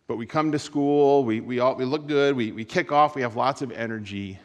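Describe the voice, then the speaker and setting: A man giving a sermon-style talk to students, telling a story with lots of repetition and shifting between loud and hushed delivery. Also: mid-range voice, fairly quick, big-room sound. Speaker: speaker at a school gathering.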